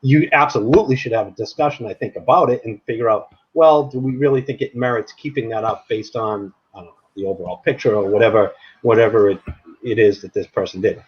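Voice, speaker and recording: A man co-hosting a casual podcast chat, opinionated and animated, laughing often. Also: lowish voice, fast talker, husky. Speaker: podcast co-host. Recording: dull lo-fi sound with faint noise.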